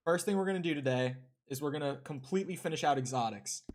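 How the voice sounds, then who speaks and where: A man's voice: on the high side, quick pace, a little mellow. A young man streaming a video game, chatting casually with his viewers and swearing now and then while he plays. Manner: chatty, swears, talks to chat while playing. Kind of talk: casual live-stream chat over gameplay.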